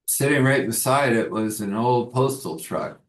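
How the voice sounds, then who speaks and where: A man gently telling a spiritual story and giving a blessing, unhurried and soft-spoken. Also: mid-range voice, expressive. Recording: roomy echo.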